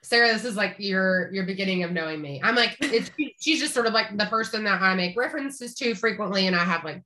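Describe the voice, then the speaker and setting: A woman's voice: medium pitch, lively intonation, a little fast, bright, forceful tone. A woman in her thirties from rural East Tennessee, a veterinarian chatting as a podcast guest with an upbeat, talkative manner. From rural East Tennessee, Appalachia. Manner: chatty, upbeat, frequent restarts and laughs. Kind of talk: casual interview chat.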